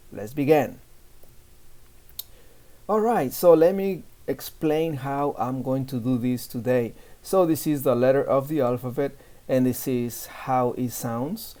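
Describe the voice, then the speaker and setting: A man's voice: mid-range voice, warm tone. A man teaching a beginner Spanish lesson, saying each letter and word three times for learners to repeat.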